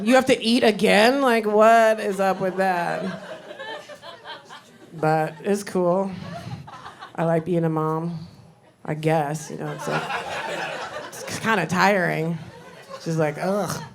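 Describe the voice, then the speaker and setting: A woman in her forties doing a stand-up comedy set, with a deadpan, weary drawl full of sighs and trailing asides. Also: mid-range voice, vocal fry. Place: comedy club stage. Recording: noisy background.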